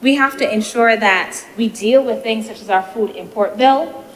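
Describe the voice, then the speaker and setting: A woman senator giving a measured, deliberative parliamentary speech, posing rhetorical questions, into a desk microphone in a legislative chamber. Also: fairly high pitch. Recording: reverberant chamber with faint noise.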